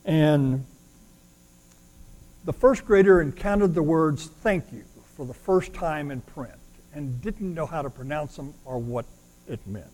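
Emphatic preacher, a man with a higher voice. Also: a little slow, rough recording. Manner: emphatic, swings between loud declarations and quiet asides. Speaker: pastor. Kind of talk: sermon.

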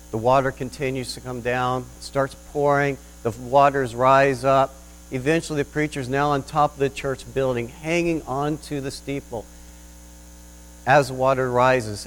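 Pastor guy giving a sermon, earnest, storytelling, mid pitch. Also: normal speed, rough recording. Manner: earnest storytelling with lively swells.

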